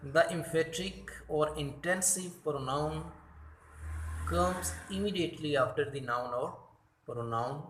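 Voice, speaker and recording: Male English teacher, very slow and careful, catches his own mistakes, roomy echo. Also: a little high, fairly bright tone, a little hiss or hum. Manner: slow and deliberate, corrects his own slips. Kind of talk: grammar lesson explaining slides.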